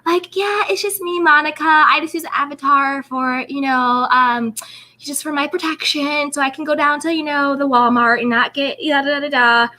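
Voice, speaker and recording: Woman mimicking a falsely sweet high-voiced woman. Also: fairly even intonation, moderate pace, bright, forceful tone, a little hiss or hum. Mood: mock-sweet. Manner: high, falsely innocent, mocking. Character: fake sugary woman with a sweet put-on tone.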